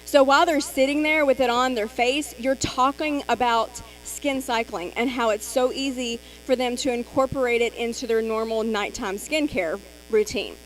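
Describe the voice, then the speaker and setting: Woman, co-presenter, encouraging, upbeat, high-pitched voice. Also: normal speed, few pauses, slight background noise, rough recording. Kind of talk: live-stream sales training.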